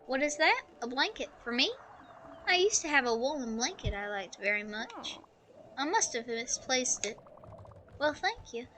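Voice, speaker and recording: A woman reading the lines of a kind, homely elderly woman spirit in a video game, in a soft and polite manner. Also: high-pitched, sing-song, moderate pace, a little hiss or hum, heavily acted. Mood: gentle.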